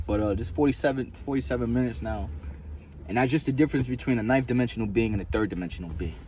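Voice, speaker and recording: Male vlogger, mid pitch, loose slangy profane ramble, lots of repetition. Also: quick pace, a little mellow, slight background noise. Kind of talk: casual rambling monologue.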